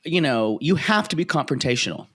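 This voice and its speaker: A man's voice: a little high, big pitch swings, a little fast, a bit bright, slightly rough. A man co-hosting a casual podcast, chatty and opinionated, who often slips into quoting other people. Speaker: podcast co-host.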